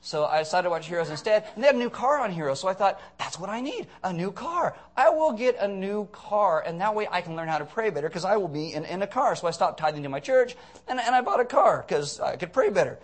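A man's voice: medium pitch, rapid-fire, hardly any pauses, fairly bright tone, close to an everyday voice. A man playing a self-pitying, comfortable churchgoer in a sarcastic, mock-earnest sermon bit.

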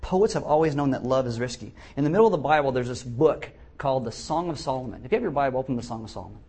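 A middle-aged man preaching a sermon as pastor, animated and acting out the voices he quotes. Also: mid-range voice, very fast, breathy edge.

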